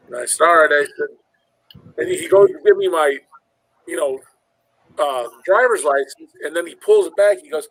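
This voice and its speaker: Rambling through a long personal tale, this Illinois podcast host, likely in his forties, swears freely and performs the other characters' voices. He speaks fairly quickly in a fairly high, fairly bright voice, recorded dry and rough.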